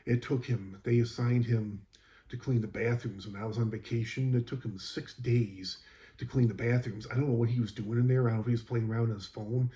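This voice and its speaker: Mellow-voiced man telling a work story. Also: medium pitch, fairly even intonation, fairly quick. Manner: rambling, exasperated recounting with many fillers. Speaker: school custodian. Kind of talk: casual storytelling.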